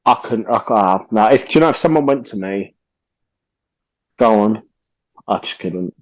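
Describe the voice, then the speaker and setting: A man's voice: on the low side, animated, moderate pace, dry recording. A man, a podcast guest telling stories casually, animatedly acting out quotes and swearing freely.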